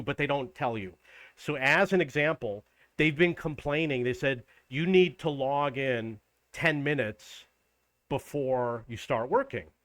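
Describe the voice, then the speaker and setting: A man in his fifties vents in a casual vlog, his voice sitting a touch high for a man. He sounds indignant and exasperated, often mimicking others with a raised voice. The sound is dry and close, with no room echo. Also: a bit bright. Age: 50s. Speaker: vlogger. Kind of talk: casual ranting monologue.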